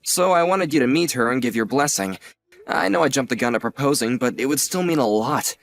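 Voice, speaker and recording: An actor voicing a young adult nephew who is earnest, apologetic and a bit sheepish. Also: male voice, mid-range voice, lively intonation, a little fast, a bit bright. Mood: hesitant. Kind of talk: audio drama acting.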